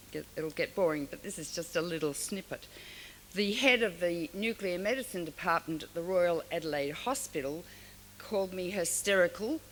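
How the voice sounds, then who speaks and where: An older woman from Australia giving a frank, storytelling award speech to an audience. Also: lowish voice. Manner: frank, storytelling, animated asides. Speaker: award speaker. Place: large hall. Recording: long hall reverb, faint hiss.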